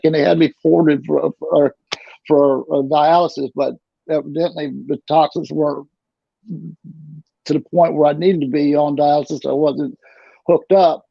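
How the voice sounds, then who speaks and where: Gravelly middle-aged man, rambling storyteller. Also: fairly high pitch, no room sound. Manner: rambling, repeats and restarts words. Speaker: interview guest. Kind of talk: casual storytelling. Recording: dull lo-fi recording.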